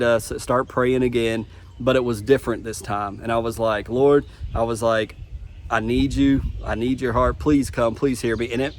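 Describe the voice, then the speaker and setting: A man's voice: medium pitch, a little hiss or hum. A man telling his personal testimony in a vlog, speaking earnestly and from the heart, often restarting his sentences. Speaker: vlogger.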